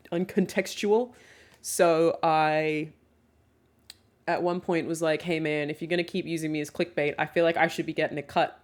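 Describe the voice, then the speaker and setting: Speaking into a desk mic from her home streaming setup, a young woman with a deep, low voice chats casually and answers chat questions one after another. She's candid and talkative, swears without a second thought, and laughs easily between points.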